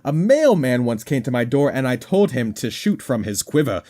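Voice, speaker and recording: A man's voice: mid-range voice, big pitch swings, moderate pace, warm tone. A man giving goofy, rambling commentary over a game, with a slightly worn voice. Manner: goofy, rambling, jokey asides. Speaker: gaming commentator.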